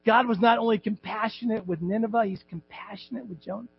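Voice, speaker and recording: A male pastor preaching a sermon in a church, animated and joking, acting out voices and shouting at times. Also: high voice, fast talker, vocal fry, husky, no echo, dull audio. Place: church sanctuary.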